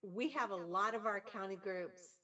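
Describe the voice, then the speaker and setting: A woman's voice: mid-range voice, moderate pace, bright, forceful tone, highs cut off. A woman organizer speaks earnestly and with appreciation on a video call. Her voice sits a little distant from the mic. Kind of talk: casual video-call chat.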